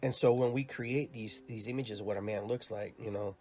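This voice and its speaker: On his own show, a podcast host who coaches youth soccer talks briskly in a mellow, lowish voice with a steady tone. His casual, reflective monologue is earnest and meandering, with words repeated again and again.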